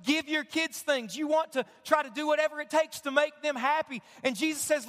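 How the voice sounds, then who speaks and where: A male pastor preaching a sermon, animated, leading his congregation in call-and-response. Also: very high-pitched, a little fast, few pauses, in a large hall. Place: church sanctuary.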